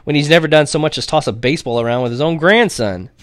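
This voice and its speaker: A man's voice: medium pitch, lively intonation, fairly quick, no room sound, voice pushed up, lightly acted. A man doing a sneering, hot-tempered dad. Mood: scornful. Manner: sneering, combative. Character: middle-aged father, scornful, hot-tempered, blunt. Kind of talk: audiobook character voice.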